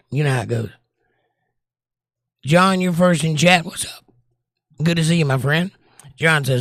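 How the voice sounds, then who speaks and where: A hoarse, squeaky-voiced man hosting a casual livestream and reading chat messages aloud in a wry, blunt way. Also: moderate pace, pauses often, fairly bright tone, no echo, studio quality. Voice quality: squeaky, croaky. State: hoarse, losing his voice.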